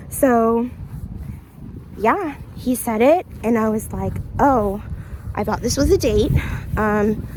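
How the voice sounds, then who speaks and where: A woman's voice: fairly high pitch, noisy background. A woman vlogger telling a story to camera in a casual, chatty way, speaking straight to her viewers and laughing often. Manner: laughs often between lines.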